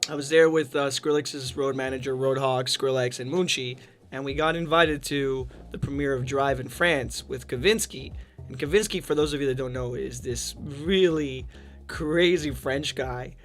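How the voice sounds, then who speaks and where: A man co-hosting a podcast, telling an animated anecdote in casual chat. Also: medium pitch, normal speed. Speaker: podcast co-host. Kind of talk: casual storytelling.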